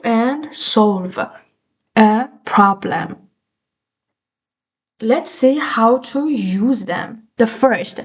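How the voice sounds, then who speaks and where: A young adult woman teaching an English grammar lesson online, patiently explaining words with repeated examples. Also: fairly high pitch.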